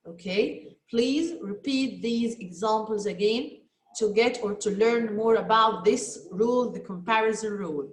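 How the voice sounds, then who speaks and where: Egyptian woman teaching english to kids, slow and patient, echoey room. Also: fairly high pitch. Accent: Egyptian Arabic. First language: Arabic. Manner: slow, patient, repeats words for students. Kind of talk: recorded online lesson for children.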